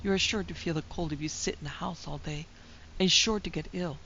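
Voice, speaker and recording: A woman's voice: on the low side, brisk, bright, forceful tone, slight background noise. A woman reading the part of a brusque, blunt young woman who scolds her friend impatiently, in a dull lo-fi recording. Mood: scolding.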